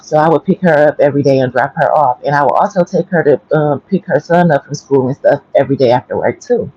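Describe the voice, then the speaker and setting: Casting note: low, husky-voiced woman, just awake, chatty and rambling, speaking softly on a lo-fi home stream. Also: fast, no echo. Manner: rambling, chatty, keeping her voice down. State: just woke up. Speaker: livestreamer. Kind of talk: casual storytelling livestream. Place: home in the early morning. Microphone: headphones with mic.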